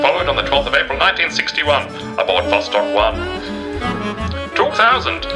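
A grand old-timey radio announcer , as a man puts him on, declaims each date with lifted, swinging pitch. The voice sits higher than his own and bounces through every line. Music plays clearly underneath. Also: low-quality recording. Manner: heightened, declaiming announcer delivery.

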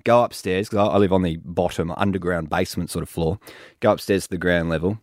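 A man's voice: low-pitched, fast. A man with an Australian accent hosting a radio show, telling a story animatedly and acting out the other people in it. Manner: animated storytelling with acted quotes. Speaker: radio host. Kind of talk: casual radio chat. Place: radio studio.

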